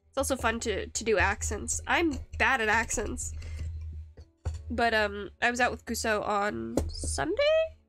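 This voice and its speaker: High-voiced woman rambling while carving. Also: sing-song, a little slow, fairly bright tone, soft background music. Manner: rambling, self-deprecating, hesitant with many fillers. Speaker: streamer. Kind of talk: casual live-stream chat while woodcarving.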